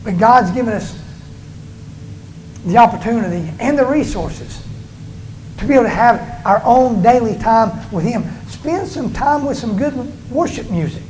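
A male pastor preaching a sermon in church, with emphatic delivery that rises and falls and slows down on stressed words. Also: very high voice, expressive, darkish tone, slight background noise, poor audio.

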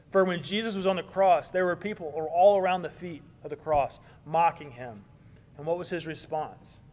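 A man preaching a sermon in an earnest way, building emphasis on key points and then softening. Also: fairly high pitch. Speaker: pastor.

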